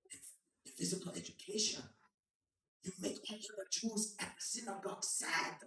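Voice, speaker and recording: A man's voice: high voice, a little slow, vocal fry, pauses often. Rambling stand-up man, far and echoey. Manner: loose, rambling, slangy delivery with sudden shouted bits. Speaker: stand-up comedian. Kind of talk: open-mic stand-up set.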